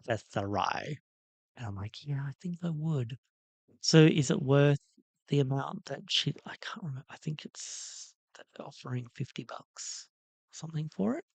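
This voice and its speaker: A man chats slowly through a livestream in a gravelly, creaky voice, rambling and hesitant with plenty of ums. The sound is close and dry. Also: mid-range voice, dry recording. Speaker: toy restoration livestream host. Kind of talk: casual livestream chat reacting to a video.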